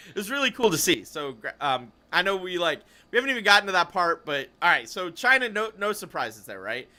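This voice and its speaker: A man's voice: sits high, big pitch swings, brisk, sharp tone. A man hosting a casual esports podcast, rambling and cutting himself off as he chats. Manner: rambling, self-interrupting, chatty. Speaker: podcast host.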